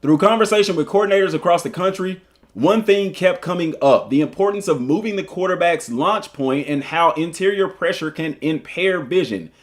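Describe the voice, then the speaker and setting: Speaking at normal speed with a high-pitched voice, a Southern-accented coach streams live as he reads an article aloud. He stays animated and jokey, chatting with viewers between the passages he reads in casual commentary.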